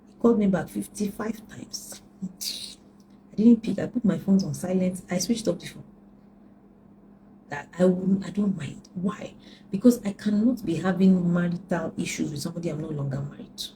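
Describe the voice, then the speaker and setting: Middle-aged woman coach, earnest and repetitive, warm mellow tone. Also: lowish voice, moderate pace, a little hiss or hum, low-quality recording. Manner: earnest, repetitive, preacherly emphasis. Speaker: relationship coach. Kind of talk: personal advice talk.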